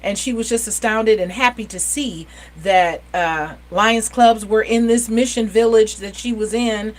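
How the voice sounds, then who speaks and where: A woman hosts a local community show with chatty enthusiasm. She keeps the conversation going with quick, friendly asides. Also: a little high, poor audio. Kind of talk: casual interview chat.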